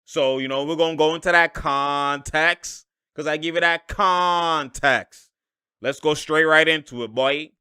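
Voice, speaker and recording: A man with a bright, clear, slightly high voice talks through basketball game film in a loose, slangy way. He is animated, laughs often and mimics players' reactions. The sound is dry and close. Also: unhurried, dry recording. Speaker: basketball analyst and channel host. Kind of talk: casual game-film breakdown commentary.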